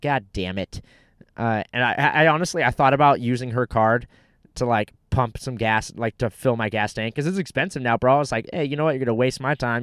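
A man's voice: mid-range voice, clean tone, no room sound, studio quality. A young man telling a rambling, profane story in casual chat, full of filler words.

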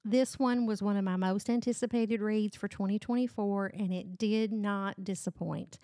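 A woman's voice: medium pitch, fairly even intonation, moderate pace, warm tone, no echo, clean studio sound. A middle-aged woman hosting a book review podcast, chatting casually and gushing about the books she loves. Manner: gushing, enthusiastic.

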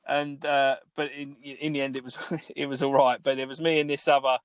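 A man's voice: medium pitch, level tone, brisk, no echo. A man, co-hosting a podcast, telling a long rambling story with plenty of swearing, fillers and restarts. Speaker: podcast co-host. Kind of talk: casual storytelling chat.

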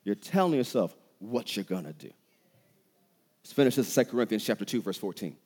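A man preaching a sermon as pastor, with impassioned delivery that builds to shouted peaks. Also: fairly low pitch, lively intonation, a little fast, slightly rough, in a large hall.

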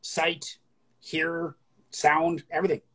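A man's voice: a little high, flat delivery, takes it slowly, a bit bright, slightly rough. A man co-hosting a poetry stream, joking and self-mocking in casual chat and reading his own poem aloud.

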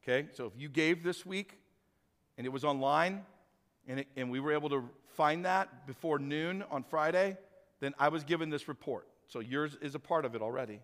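An energetic male pastor preaches and talks straight to his congregation. His voice is high-pitched and bright. A long reverb hangs on it from the hall. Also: normal speed. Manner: energetic, animated, addresses congregation directly. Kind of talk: sermon.

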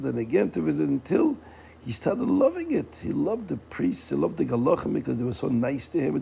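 A man telling a Hasidic story with animated delivery, repeating words and acting out the characters' lines. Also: a little high, creaky, breathy edge.

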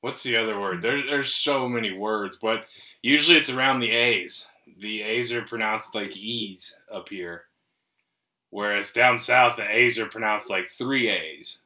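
A man co-hosting a casual podcast chat, loose and joking and quick to laugh. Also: fairly low pitch, sharp tone. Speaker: podcast co-host. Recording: roomy, from far off the mic.

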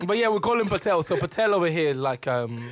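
A young man, co-hosting a podcast, telling an animated story and acting out the people in it. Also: sits high, quick pace, a little hiss or hum. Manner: animated storyteller, acts out voices and laughs. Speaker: podcast co-host. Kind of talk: casual chat.

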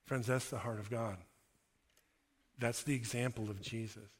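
A man preaching a sermon, telling a story with lively delivery and leading a prayer. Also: mid-range voice, normal speed, big-room sound. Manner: animated storyteller, then hushed prayer. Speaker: pastor.

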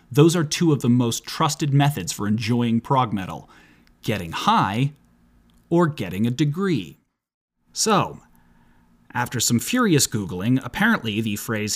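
Man, podcast host, husky, lively pitch, sarcastic, deadpan, profane. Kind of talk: comedic podcast monologue.

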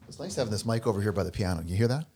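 A man's voice: lowish voice, animated, rapid-fire, warm tone, slight background noise. A middle-aged man co-hosting a casual podcast, a chatty, jokey storyteller who rambles. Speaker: podcast co-host and pianist. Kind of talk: casual chat.

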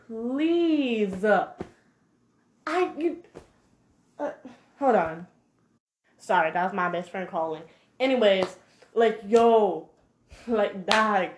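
Heated, chatty woman in an echoey room. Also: mid-range voice. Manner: animated, heated, heavy use of 'like'. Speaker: vlogger. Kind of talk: casual monologue rant.

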